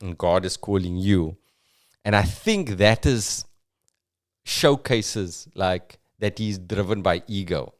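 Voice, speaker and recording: A South African man hosting a comedy podcast, talking thoughtfully in a halting monologue. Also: low-pitched. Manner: thoughtful, halting, uses fillers. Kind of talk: reflective comic podcast monologue.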